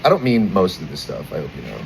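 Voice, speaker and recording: Young american comic, crude animated stand-up, faint noise around him outdoors. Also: male voice, low-pitched, quick pace, vocal fry, poor audio. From United States. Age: 20s. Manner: crude, animated storytelling with acted-out quotes. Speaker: stand-up comedian. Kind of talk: stand-up comedy set. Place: outdoors at a bar.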